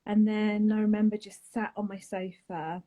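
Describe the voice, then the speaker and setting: A woman, a guest telling a painful personal story in a soft, halting way, often trailing off and starting again. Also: mid-range voice, little pitch movement, rough recording. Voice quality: husky, breathy. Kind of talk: emotional personal account on a live chat.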